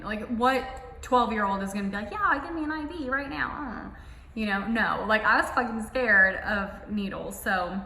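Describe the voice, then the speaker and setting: A young woman tells her own story straight to camera, casual and emotional, with a steady stream of "like" fillers. Her voice is bright and sharp. The room rings with echo and a long reverb tail. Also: medium pitch, slight background noise. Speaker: vlogger. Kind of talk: personal storytelling.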